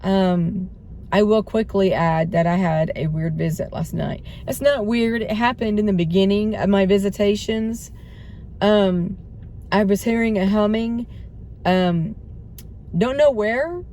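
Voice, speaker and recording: A hoarse middle-aged woman vlogging in a rambling, self-doubting way, laughing between thoughts and often trailing off. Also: medium pitch, a little slow, dark tone, slight background noise. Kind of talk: rambling spiritual vlog chat.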